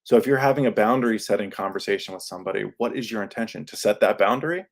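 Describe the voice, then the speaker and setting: A man hosting a podcast, talking casually in a lively monologue and acting out quoted lines in his own voice. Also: on the low side, racing. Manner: animated, acts out quoted lines; self-described yelling into a microphone. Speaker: podcast host. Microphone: studio microphone.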